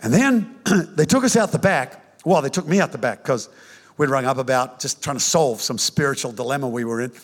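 An older man preaching a sermon, telling his own conversion story in an animated, joking way with many restarts. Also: medium pitch, brisk. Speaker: pastor. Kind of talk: sermon with personal testimony. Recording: reverberant hall.

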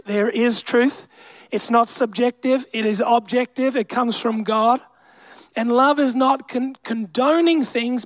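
A man's voice: extremely high pitch, dry recording. A young man preaching a sermon with emphatic delivery, calling out to the congregation. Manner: emphatic preaching with crowd call-outs. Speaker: pastor.

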